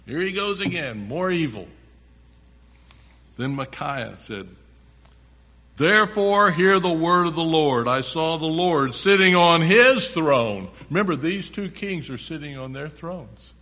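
A man preaching a sermon with a bright, forceful tone, reading scripture slowly and deliberately. He stops between verses to explain them in plain, conversational words. His voice rings out in the long reverb of a large hall. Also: on the high side. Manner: reads a passage aloud, then breaks off to explain it plainly.

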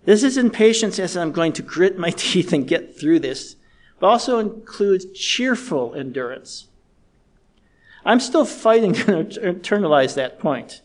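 A middle-aged man preaching a sermon in a measured, earnest way, slowing down to stress key words. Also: high voice, lively intonation. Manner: measured, earnest, slows down for emphasis.

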